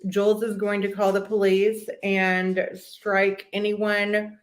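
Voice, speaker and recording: A woman's voice: medium pitch, monotone, slow, roomy sound. A woman hosting a live stream in a casual, blunt, profane, gossipy way.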